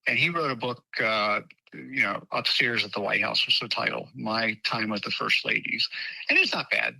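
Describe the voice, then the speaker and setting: Brief: middle-aged male guest, anecdotal and chatty, strikingly bright voice, dry close sound. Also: mid-range voice, moderate pace, creaky, slightly rough, no echo, low-quality recording. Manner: chatty and anecdotal, frequent restarts. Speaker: guest, former White House usher. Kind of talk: conversational storytelling.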